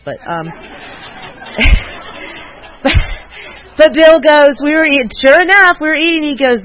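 A woman speaking at a recovery meeting, giving a personal tribute in a halting way, full of fillers and restarts. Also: high voice, sing-song, a bit bright, some chatter behind, a little hiss or hum. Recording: muffled lo-fi recording.

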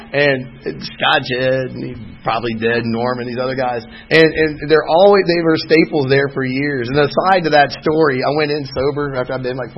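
A man's voice: medium pitch, lo-fi sound, a little hiss or hum. A middle-aged man, sharing his personal story from the podium of a recovery meeting with wry, folksy humor. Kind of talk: personal testimony talk. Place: meeting hall, speaking from a podium.

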